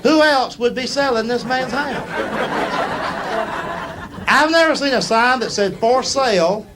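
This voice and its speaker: A man's voice: very high-pitched, measured pace. A middle-aged man doing folksy storytelling stand-up in a punchy drawl, recorded live on stage. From United States. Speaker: stand-up comedian. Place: live comedy stage before a laughing audience. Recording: live show with loud crowd and noise.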